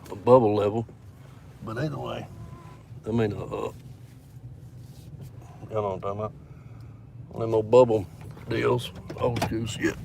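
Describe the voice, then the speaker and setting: A man's voice: on the low side, steady tone, a little slow, creaky, pauses often, darkish tone. Guy ranting into his phone, cussing a lot, lots of traffic noise around. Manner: profane, rambling, quotes others with "I said, he said". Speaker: vlogger. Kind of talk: casual storytelling vlog. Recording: noisy phone recording near traffic.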